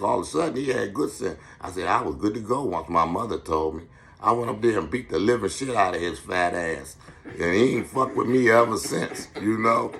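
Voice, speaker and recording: A middle-aged man from Washington, D.C. with a lowish voice holds forth as a podcast host. He tells street-wise stories bluntly and profanely, in a preachy tone. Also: lively intonation, fairly quick, gravelly, fairly bright tone. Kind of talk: street-wise monologue storytelling.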